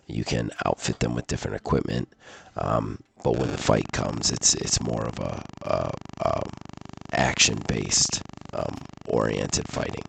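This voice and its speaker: A man's voice: a bass voice, background noise. A man reviewing a video game, speaking through a sickness that leaves his voice congested, rambling with fillers and restarts. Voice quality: gravelly. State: sick, congested voice.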